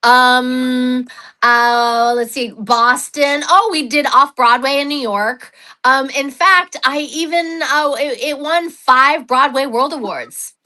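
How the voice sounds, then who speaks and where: A chatty woman from New Mexico gives an interview about her stage work. Her voice sits a little high and has a bright, forward tone. She pokes fun at herself and fills pauses with ums. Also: rough recording. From New Mexico, USA. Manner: chatty, self-deprecating, frequent fillers. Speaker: interview guest, solo stage performer. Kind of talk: casual interview chat.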